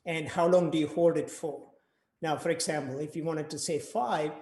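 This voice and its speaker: Guy teaching rhythm online, chanting takadimi patterns, kinda higher voice, echoey room. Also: moderate pace, background noise. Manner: chants rhythm syllables to demonstrate. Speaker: percussion teacher.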